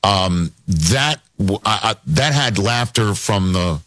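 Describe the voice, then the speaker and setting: Conversational male host, lowish voice, dry close sound. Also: expressive, slow pace, fairly bright tone, no echo. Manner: conversational, asks questions. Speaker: interview host. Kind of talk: casual interview chat.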